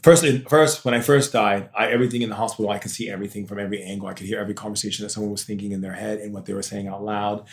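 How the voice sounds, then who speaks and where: A man's voice: lowish voice, steady tone, rapid-fire, hardly any pauses. A man being interviewed on a podcast as a spiritual teacher, telling a personal story in an intense, emotional way. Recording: roomy echo.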